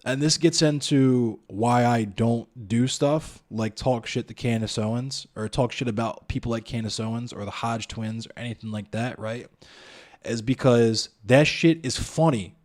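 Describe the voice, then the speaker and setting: A man's voice: medium pitch, measured pace, darkish tone. A man streaming live, arguing his point bluntly and profanely, talking straight to his chat and throwing out rhetorical questions. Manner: profane, blunt, addresses chat and viewers directly. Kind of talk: heated live-stream commentary.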